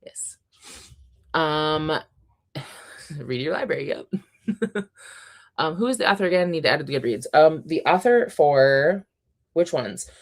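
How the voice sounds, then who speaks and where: A woman's voice: deep voice, lively intonation, measured pace, long pauses. A young woman hosting a casual book livestream, reading out chat messages and gushing with frequent laughs and ums. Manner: chatty, gushing, laughs often, many ums.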